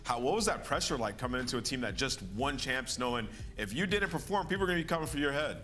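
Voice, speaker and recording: A man's voice: mid-range voice, animated, fast talker, bright, forceful tone, soft background music. A male broadcast interviewer asking a pro player chatty, leading questions. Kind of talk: post-match interview.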